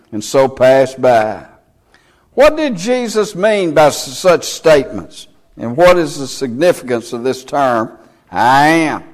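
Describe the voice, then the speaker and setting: A man preaching a sermon, reading scripture in old King James wording with slow, deliberate emphasis. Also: fairly high pitch. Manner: reads scripture aloud in King James English.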